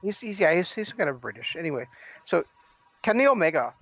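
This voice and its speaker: Quick teasing podcast guy, dry muffled sound. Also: a little high, expressive, creaky, fairly bright tone, husky, no echo. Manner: teasing, joking. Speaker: podcast co-host. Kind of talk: casual wrestling podcast chat.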